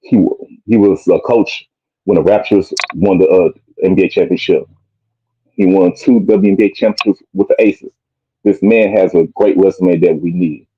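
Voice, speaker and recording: A man co-hosting a livestream in casual chat, blunt and plain-spoken, with hesitant fillers. His voice is very low and husky, and the audio comes through muffled and lo-fi. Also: warm tone.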